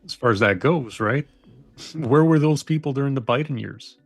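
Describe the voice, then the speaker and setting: Man, gravelly voice, husky, dismissive matter-of-fact chat. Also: medium pitch, moderate pace, dry recording, faint music behind. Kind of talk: casual political chat.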